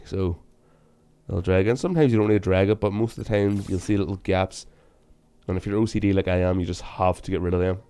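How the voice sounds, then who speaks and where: A young man giving casual, self-mocking game commentary, with sudden loud bursts of excitement. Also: on the low side, smooth. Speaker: gaming channel host.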